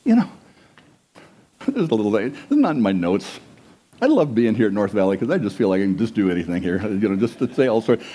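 A man preaching a sermon as pastor, conversational and animated, asking his listeners questions and dropping to hushed asides. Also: on the low side, fairly quick, husky. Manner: animated, swings between loud and hushed; conversational, asks the congregation questions.

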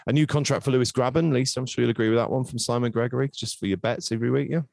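A man hosting a casual football podcast, jokey and quick to swear. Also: medium pitch, fairly even intonation, gravelly, darkish tone, no room sound, studio quality. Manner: brisk, jokey, swears freely. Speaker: podcast host.

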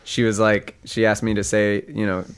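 Man, from California, casual chat, laid-back storytelling, low voice. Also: flat delivery, normal speed, clean tone.

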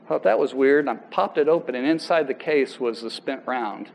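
A man preaching to his church in a loose, talky way, stopping and restarting his phrases as he tells a story. His pitch sits in an ordinary middle range. A faint hum of noise runs under the recording. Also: animated, gravelly, darkish tone, poor audio. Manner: conversational, halting restarts, quotes people aloud. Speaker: pastor. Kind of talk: sermon with personal story.

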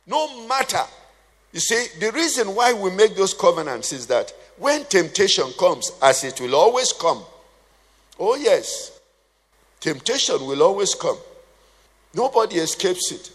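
Preacher in an echoing hall. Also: male voice, high-pitched, very animated, measured pace, breathy edge. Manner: conversational preaching with call-and-response questions; humorous asides. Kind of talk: sermon. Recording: long hall reverb.

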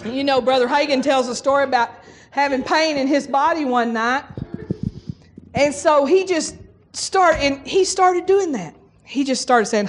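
A woman's voice: high-pitched, animated, moderate pace. A middle-aged woman preaching a folksy sermon, exhorting the congregation and breaking into bursts of forced laughter.

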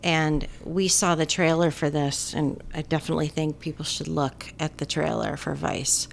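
A woman's voice: low voice, steady tone, moderate pace, vocal fry, slight background noise. A woman co-hosting a casual movie chat, talking enthusiastically with many fillers. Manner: chatty, filler-heavy, enthusiastic. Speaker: movie talk co-host.

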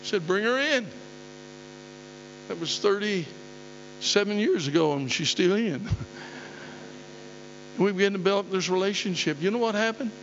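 An older man preaches a sermon in a high-pitched voice, swinging from folksy storytelling to emphatic calls. The recording is dull, with a long reverb trailing in a big hall and a faint hum underneath. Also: fairly quick. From southeastern Oklahoma. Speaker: pastor. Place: church hall.

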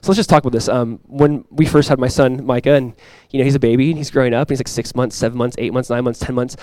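A young adult man preaching a sermon as pastor, earnest and repeating key phrases, often dropping to a soft, intimate tone. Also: medium pitch, steady tone, quick pace, dry recording, low-quality recording.

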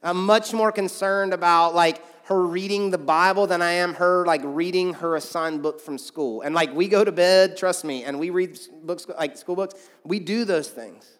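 A man's voice: sits high, moderate pace, hardly any pauses, fairly bright tone. A man, a pastor telling stories in a sermon in a loose, conversational way with many asides. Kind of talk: sermon storytelling. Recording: long hall reverb.

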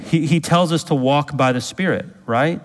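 A man preaching in a church with his voice ringing out in a long hall reverb. He sits a little higher than most men and stays emphatic, drawing answers from his listeners. In prayerful stretches he climbs into a fervent, intense delivery. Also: normal speed. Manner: emphatic, asks the congregation to fill in words. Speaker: pastor. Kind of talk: sermon.

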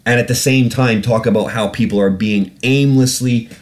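A man's voice: lowish voice, fairly even intonation, brisk. A man hosting a podcast, ranting in a sarcastic, heavily swearing way and repeatedly getting irate before apologizing. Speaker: podcast host. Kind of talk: casual podcast rant.

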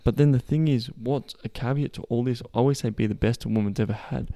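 A man's voice: mid-range voice, fast, gravelly, dark tone, no room sound. A man coaching other men on dating, talking bluntly in a casual monologue full of swearing and restarts. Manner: blunt and profane, with frequent restarts, growing emphatic. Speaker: podcast host and men's dating coach.

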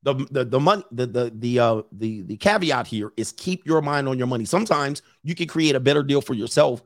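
A man hosting a casual commentary show, reacting to a list with jokes and loud exclamations. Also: medium pitch, animated, fairly quick, no room sound, studio quality.

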